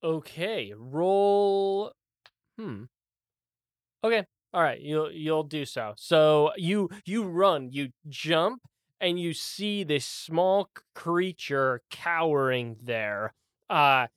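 Slow, easygoing game master. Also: medium pitch, animated, a bit bright, no echo, studio quality. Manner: slow, unhurried narration with frequent fillers and chuckles. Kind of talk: narrating a tabletop game.

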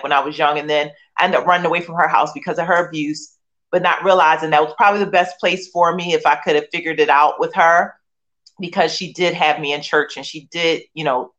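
Speaking as a guest, a middle-aged Philadelphia woman gives a candid faith testimony full of emotion, repetition, and rhetorical questions. Her voice is deep yet fairly bright in tone.

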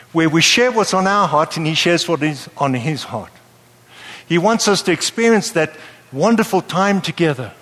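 A man preaches to a live congregation in a lively, playful manner, stopping often to ask the audience whether they understand. His voice sits a little high for a man. The sound carries the long reverb of a large hall. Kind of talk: sermon.

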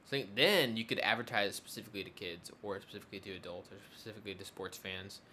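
A man's voice: fairly low pitch, quick pace, pushed and bright, a little hiss or hum. A young adult man in casual conversation, rambling with many fillers and restarts. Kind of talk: casual chat.

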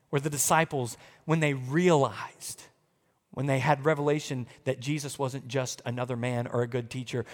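A pastor preaching a sermon in a conversational way, shifting between hushed and loud passages. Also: male voice, mid-range voice. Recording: long hall reverb.

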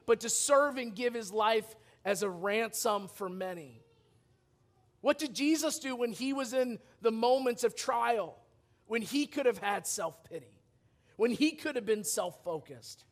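A man's voice: very high voice, expressive, a little slow. A man preaching a sermon in a church as pastor, earnest and often repeating words as he goes.

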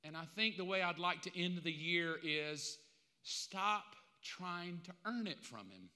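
A middle-aged man preaching a sermon as pastor, impassioned and conversational, with dramatic pauses. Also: high-pitched, lively intonation, bright, forceful tone, in a large hall. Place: church sanctuary.

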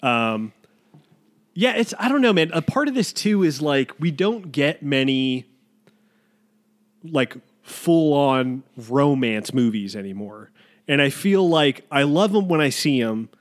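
A man's voice: on the high side, lively intonation, unhurried. A young man co-hosting a casual film podcast, rambling and swearing a little as he acts out quotes. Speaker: podcast co-host.

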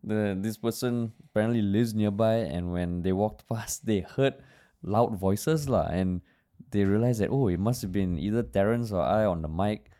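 Laughing Singaporean man, mellow voice. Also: on the low side, moderate pace. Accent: Singaporean English. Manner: laughing, swearing, animated storyteller. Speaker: podcast co-host. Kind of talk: casual chat.

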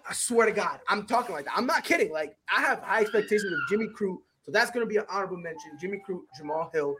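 A man's voice: sits high, very animated, quick pace, sharp tone. A man co-hosting a casual sports chat, boisterous and emphatic, making bold hyped predictions. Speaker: podcast co-host.

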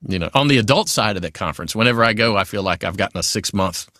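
A man, a voice actor guest in a casual interview, giving advice in a chatty, animated way with many asides. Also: fairly low pitch, quick pace, no echo, studio quality.

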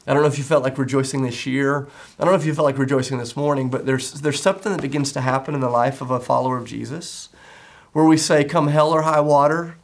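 A middle-aged man preaches to his congregation with a gravelly, mid-range voice. His delivery is earnest and conversational, and he leans on repeated phrases for emphasis. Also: medium pitch, steady tone, fast. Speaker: pastor. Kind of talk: sermon.

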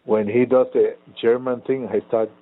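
A man's voice: medium pitch, level tone, normal speed. A man co-hosting a casual chat, a rambling and profane storyteller. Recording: phone-like lo-fi line.

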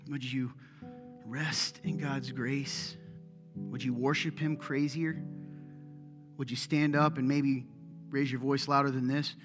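Male pastor, middle-aged, chatty joking sermon, mid-pitched voice, roomy church reverb. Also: slow, long pauses. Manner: conversational, joking, animated preaching. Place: church sanctuary. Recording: echoey hall, soft guitar behind.

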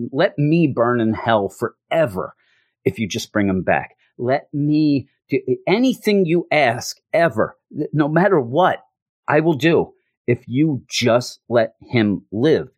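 A man's voice: medium pitch, animated, slow pace, no room sound, studio quality. A man quoting an older nun who prays fervently and pleads for a life. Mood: pleading. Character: older praying nun, desperate and devout.

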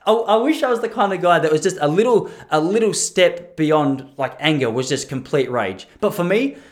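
A man in his thirties rambles casually to his listeners, with a slightly high, very lively voice that swings up and down. He mocks himself and laughs at his own jokes. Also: normal speed. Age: 30s. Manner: chatty, self-mocking, laughs at own jokes. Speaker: podcast host.

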